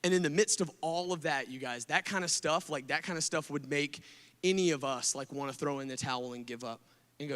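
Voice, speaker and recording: Animated male youth preacher in a hall. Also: fairly high pitch, a little fast. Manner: animated storytelling, many fillers like "like" and "right?". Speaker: speaker at a student event. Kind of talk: casual youth sermon. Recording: long hall reverb.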